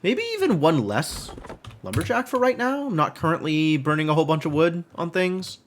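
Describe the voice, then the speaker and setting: A man's voice: on the high side, sing-song, moderate pace, a little hiss or hum. A man streaming a game live, thinking aloud in casual, rambling commentary full of "like" and puzzled questions to himself.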